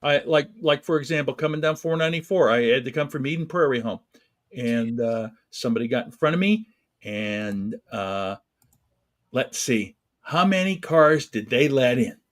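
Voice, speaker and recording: A man co-hosting a casual chat, excitable and quick to burst into mock yelling. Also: mid-range voice. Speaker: co-host.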